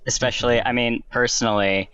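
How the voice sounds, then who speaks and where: A man from the Midwestern US on a podcast panel, measured and deliberate, on a slightly dull lo-fi mic. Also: medium pitch, fairly even intonation, a bit bright, clean tone, no echo. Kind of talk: casual panel chat.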